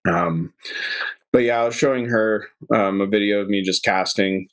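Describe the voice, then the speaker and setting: A male podcast host with a fairly low voice, chatting in an easygoing, rambling way. He fills his thoughts with "you know" and "uh" as he goes. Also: normal speed, fairly bright tone, smooth. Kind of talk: casual podcast chat.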